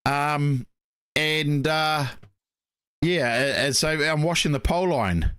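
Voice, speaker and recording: A man's voice: a little high, slow pace, a bit bright, clean tone, no room sound. Nz guy rambling through race-weekend stories, lots of mate you know, dry close sound. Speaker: racing show co-host. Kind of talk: casual chat.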